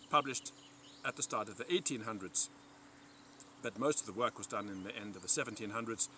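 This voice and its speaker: A man teaching a Latin vocabulary lesson from a dictionary, repeating each Latin word slowly and clearly for learners, recorded by a roadside. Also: medium pitch, bright, forceful tone, a little hiss or hum. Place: parked by a roadside in a river valley, outdoors or in a vehicle.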